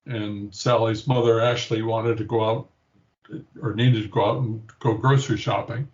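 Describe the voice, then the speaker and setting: A man's voice: on the low side, fairly even intonation, moderate pace, lo-fi sound. An older man, a grandfather, reflectively telling a personal story in an interview and acting out the quoted voices. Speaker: interview guest, patient.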